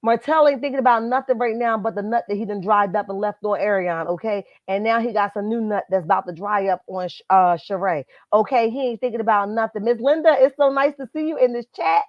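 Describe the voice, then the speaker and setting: Speaking fast with hardly any pauses, this woman in a mid-range voice talks straight to her chat during a casual live stream, offering emphatic, sassy takes on celebrity gossip. She's indoors at her workplace using a computer mic. There's no room sound, though the highs are cut off.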